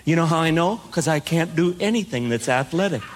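A man's voice: a little high, lively intonation, fairly quick, a little hiss or hum. A man telling self-deprecating comic stories with playful punchlines to a live audience. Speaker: comedic speaker. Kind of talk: stand-up storytelling.

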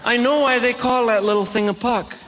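A man doing stand-up comedy, telling self-deprecating stories in an animated way and acting out the dialogue. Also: very high-pitched, a little fast, very noisy.

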